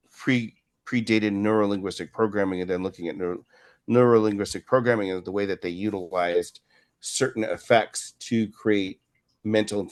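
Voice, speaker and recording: A man in his fifties, a martial arts instructor telling long, rambling stories in an interview and often adding "right?" to what he says. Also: lowish voice. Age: 50s. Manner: rambling, with frequent "right?" tag questions. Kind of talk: casual storytelling in an interview.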